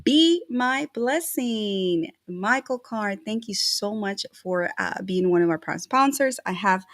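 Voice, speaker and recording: A woman's voice: medium pitch, lively intonation, slow pace, fairly bright tone, no room sound, clean studio sound. Effusive woman co-hosting a live stream. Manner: effusive, emotional, slangy. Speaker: podcast co-host. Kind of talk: casual live-stream chat.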